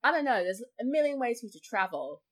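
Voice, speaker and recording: A woman guest on a casual podcast who chats freely, with lots of "like" fillers and quick put-on voices for other people. Her voice sits a little high. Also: very animated. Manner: chatty, full of likes, acts out voices.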